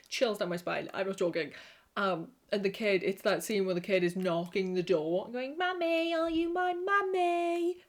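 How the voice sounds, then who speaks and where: A young Welsh woman chatting to camera, animated, swearing and laughing often. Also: on the low side, normal speed. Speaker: vlogger. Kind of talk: casual chat to camera.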